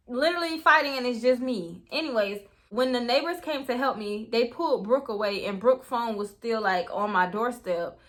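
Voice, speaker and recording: High, bright-voiced young woman telling a story. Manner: animated, swears freely, keeps addressing viewers as "y'all". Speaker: storytime vlogger. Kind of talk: casual storytime chat.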